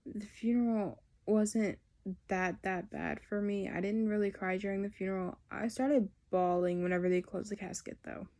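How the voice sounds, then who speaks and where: A woman's voice: mid-range voice, fairly even intonation, moderate pace, a little mellow. A teenage woman, telling a personal story in a candid, rambling way. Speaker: vlogger.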